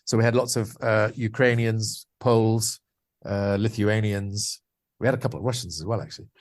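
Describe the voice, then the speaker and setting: A man from the Scottish Borders, a voice actor guest in a casual interview, telling lively anecdotes and slipping into voices. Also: on the low side, normal speed. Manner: lively anecdotes, slips into voices and animal noises.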